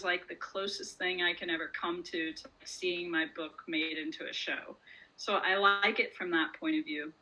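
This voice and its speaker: A woman's voice: medium pitch, pushed and bright, low-quality recording. A woman author chatting in an interview, casual and talkative, with frequent "like" and "um" and easy laughter. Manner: chatty, lots of "like" and "um", laughs often. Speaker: author guest.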